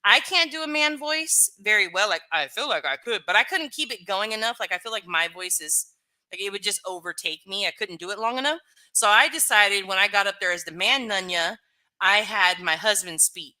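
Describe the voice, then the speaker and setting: A woman's voice: medium pitch, expressive, a little fast, sharp tone. A woman live streamer chatting casually with her viewers, rambling and full of fillers.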